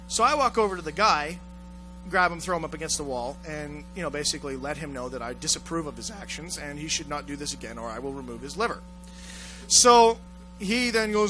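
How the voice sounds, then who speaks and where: A man telling a rough story on a casual talk show, swearing a lot and acting out the voices of the people in it. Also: on the high side, quick pace, soft background music, low-quality recording. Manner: profane, animated, acts out voices in his story. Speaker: podcast host telling a story.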